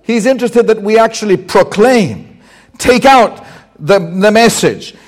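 A man preaching a lively sermon to a live audience, joking and coaxing the crowd to repeat key words back to him. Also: very high voice. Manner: animated, jokey, coaxes the crowd to repeat words.

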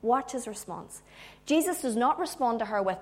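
Animated woman preaching a sermon. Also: mid-range voice, fast. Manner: animated, swinging from loud emphasis to hushed tones; humorous asides.

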